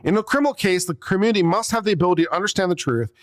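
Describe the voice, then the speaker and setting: A man's voice: sits high, lively intonation, very fast, no room sound, studio quality. A man, an attorney, reacting to a legal brief in casual commentary, sarcastic and exasperated. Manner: sarcastic, exasperated, acts out little scenes.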